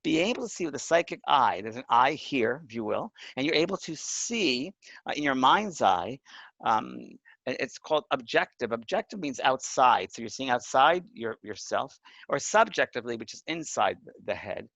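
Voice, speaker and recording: A man's voice: mid-range voice, sing-song, moderate pace, a bit bright, no echo, low-quality recording. A man teaching a course on mediumship, talking earnestly and emphatically and checking in with his listeners. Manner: earnest, emphatic, often asks the listener "right?". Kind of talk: spoken lesson.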